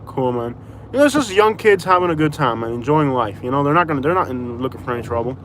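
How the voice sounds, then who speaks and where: A man's voice: mid-range voice, expressive, quick pace, a bit bright, slight background noise. A man from Florida chatting casually on a live stream while driving, rambling with lots of fillers. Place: in a car.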